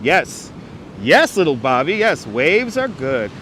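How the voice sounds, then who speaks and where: A man's voice: fairly high pitch, very animated, takes it slowly, a bit bright. A man hosting a casual livestream outdoors on a beach, reading out viewer comments and joking dryly, with a clip-on wireless mic. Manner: wry, joking, mock-announcer asides. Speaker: livestream host. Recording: faint wind and surf noise.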